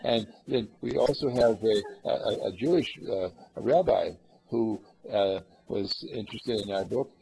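A man with a mellow, gravelly voice gives an earnest spiritual talk to a group. He rambles and fills his pauses with uhs and ums. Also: low-quality recording. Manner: acts out callers in lively higher voices; rambling, earnest, with many fillers. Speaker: spiritual teacher.

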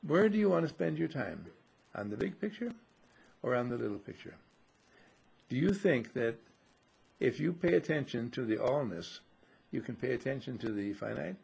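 A man giving a slow, musing spiritual teaching to a group, repeating and correcting himself and acting out his listeners' voices. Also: medium pitch, animated, vocal fry, darkish tone, husky. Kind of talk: metaphysical teaching talk to a group.

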